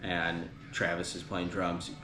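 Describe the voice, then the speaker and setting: In an echoey room with background noise, a deep-voiced podcast host retells band history slowly and with a completely flat delivery. His telling is casual and rambling, packed with fillers.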